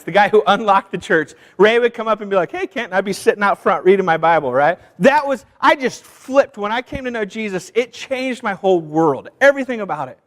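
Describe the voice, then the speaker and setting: High-voiced pastor telling stories in a reverberant church. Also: male voice, fairly bright tone. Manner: storytelling, calls out to the congregation; acts out voices in anecdotes. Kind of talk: sermon. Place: church sanctuary. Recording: long reverb of a church hall.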